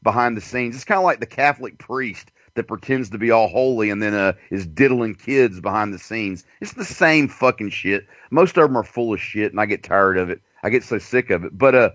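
A man's voice: lowish voice, fairly quick, hardly any pauses, fairly bright tone, no echo. A man telling a long story in casual chat, rambling and profane. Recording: dull dry lo-fi recording.

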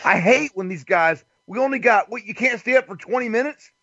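High, lively Southern man. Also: fairly quick, husky, no echo, lo-fi sound. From American South. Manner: joking, reads the chat aloud. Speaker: host. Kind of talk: casual chat.

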